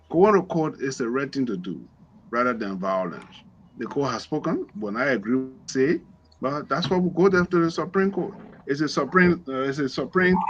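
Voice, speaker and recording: A man's voice: mid-range voice, lo-fi sound, a little hiss or hum. A man speaking as a guest on a political panel, evasive and repetitive, with the odd chuckle.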